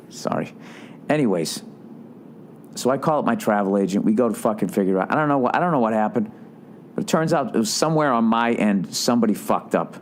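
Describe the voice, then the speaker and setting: A man's voice: lowish voice, a little mellow, a little hiss or hum. A man hosting a podcast, telling a story in an exasperated, sarcastic rant full of swearing. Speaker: podcast host. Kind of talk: profane ranting storytelling.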